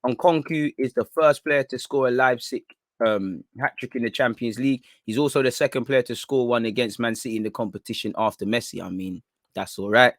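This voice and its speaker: A man's voice: medium pitch, a little fast, no room sound, clean studio sound. Bantering young man. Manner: banters with viewers, laughs often, street slang. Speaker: football channel host. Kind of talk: casual livestream chat.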